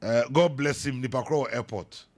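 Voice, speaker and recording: A man with a Ghanaian accent hosting a morning radio show, chatting casually and reading listener messages and news in an animated way. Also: medium pitch, normal speed. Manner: animated, switching between Twi and English, reads messages aloud. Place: radio studio.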